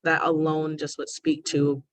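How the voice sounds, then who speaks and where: A woman's voice: low-pitched, completely flat delivery, unhurried. Earnest woman joining a video call. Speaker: workshop participant. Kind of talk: casual discussion.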